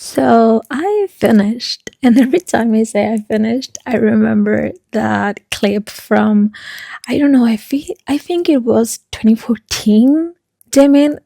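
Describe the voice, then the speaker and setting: A woman's voice: on the high side, vocal fry, mellow, dry recording, clean studio sound. A young woman chatting casually in a reading vlog, rambling and emotional, swearing often and sometimes dropping to a whisper. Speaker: book vlogger.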